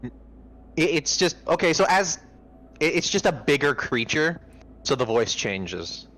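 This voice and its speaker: A man at a tabletop game, explaining things in halting, restarting sentences. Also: on the high side, very animated, a bit bright. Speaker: player.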